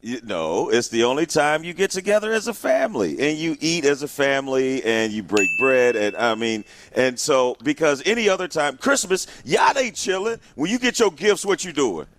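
A man's voice: fairly high pitch, very animated, normal speed, few pauses, a bit bright, a little hiss or hum. A man co-hosting a radio show with laid-back, joking casual chat.

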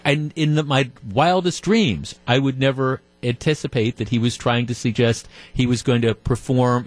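This is a man hosting talk radio from a studio. His voice sits at an ordinary middle pitch, and he speaks conversationally, often stopping and restarting a thought and repeating his words as he argues. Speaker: radio talk show host. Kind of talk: talk radio commentary with callers.

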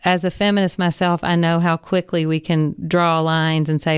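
A woman pastor, speaking thoughtfully as a radio interview guest, pausing with ums and laughing easily. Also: on the low side, steady tone, clean tone, no room sound. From American South. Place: radio studio.

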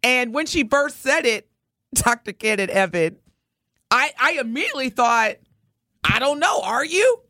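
A middle-aged woman co-hosting a podcast, telling a story in a casual, expressive way and speaking straight to her listeners. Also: on the high side, measured pace, no echo, studio quality. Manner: animated, expressive storyteller addressing listeners directly. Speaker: podcast co-host.

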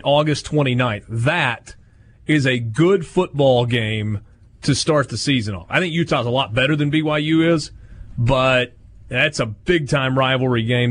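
A man hosting a sports talk radio show in a studio, running through schedules and promos in a brisk, dry way. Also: medium pitch, a little hiss or hum.

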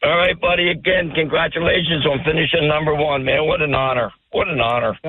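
An older man calling in to a radio show, chatting casually, rambling and stammering with a gravelly voice. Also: a little high, steady tone, a little fast, dry recording. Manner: rambling, stammers and repeats words. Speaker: phone-in guest. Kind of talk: casual talk radio chat. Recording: dry tinny phone line.

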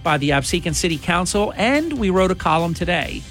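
A man's voice: high-pitched, big pitch swings, fairly quick, over music. A man hosting a talk radio show, ranting emphatically and indignantly into a studio microphone.

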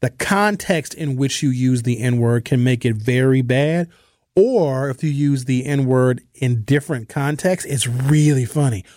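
A man's voice: medium pitch, unhurried, darkish tone, no room sound. A man hosting a casual talk radio show from a studio, joking and offhand. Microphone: studio mic.

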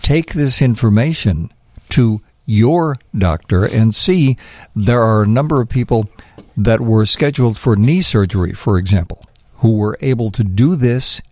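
A man's voice: medium pitch, measured pace, no room sound, clean studio sound. A man co-hosting a radio show in casual chat, prompting his partner and reading out the call-in line. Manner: relaxed, prompting co-host, gives station plugs. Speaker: radio co-host.

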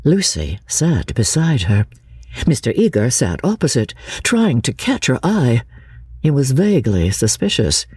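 A reader narrating a classic novel in an expressive, husky voice. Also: mid-range voice, unhurried, dry recording. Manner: expressive, varied reading. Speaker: audiobook narrator.

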